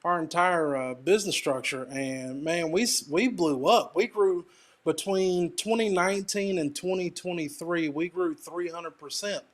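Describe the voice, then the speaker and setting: A man's voice: a little high, measured pace. A man with an Arkansas accent, a DJ guest talking candidly in a casual interview.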